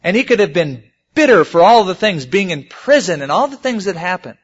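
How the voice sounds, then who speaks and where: A man's voice: high-pitched, sing-song, brisk, slightly rough. A man preaching a sermon, telling stories and rising emphatically on the key points. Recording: muffled lo-fi sermon recording.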